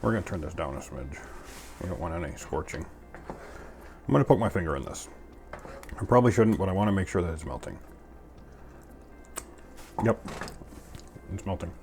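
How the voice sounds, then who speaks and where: A man's voice: sits low, expressive, moderate pace, gravelly, pauses often, noisy background. A man hosting a casual cooking video, chatting in a goofy, self-mocking way as he makes a sauce in his home kitchen. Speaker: cooking channel host.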